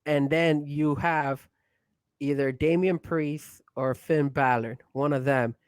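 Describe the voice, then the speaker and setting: Man, podcast co-host, excitable, pushy, fairly high voice, dry close sound. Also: slow pace, clear, resonant tone, dry recording. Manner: excitable, pushy, raises voice when hyped. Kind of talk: casual wrestling podcast chat.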